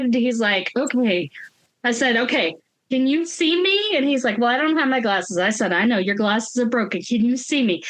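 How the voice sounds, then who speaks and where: A woman co-hosting a podcast, telling a story, animated and acting out the voices of the people she quotes. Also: a little high, moderate pace. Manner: animated, acts out quoted voices, laughs often. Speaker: podcast co-host. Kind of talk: casual storytelling chat.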